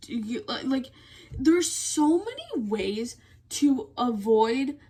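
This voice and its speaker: A woman's voice: a little high, very animated, slow pace, warm tone, breathy edge. A teenage girl venting to camera in a casual rant, blunt and exasperated, peppering her talk with "like". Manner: blunt, exasperated ranting with constant "like" fillers. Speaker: vlogger.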